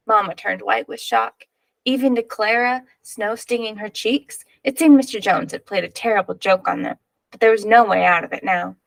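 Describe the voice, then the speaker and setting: A woman reads a children's picture book aloud, expressive and clear, with a gravelly, creaky voice. The recording sounds dry and close. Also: mid-range voice, normal speed, no room sound, rough recording. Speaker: reader.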